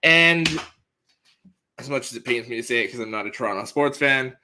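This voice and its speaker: A man's voice: medium pitch, fairly quick, noisy background. A man co-hosting a podcast, giving a casual sports news rundown in a plain, matter-of-fact way. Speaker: co-host reading the news.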